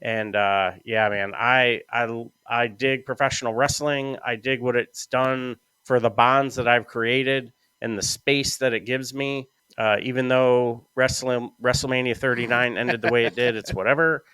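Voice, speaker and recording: A man in a relaxed podcast chat, with a smooth, resonant voice recorded close and dry. He tells long, rambling stories at an easy pace and swears casually along the way. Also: medium pitch, unhurried, hardly any pauses, dry recording. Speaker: podcast host.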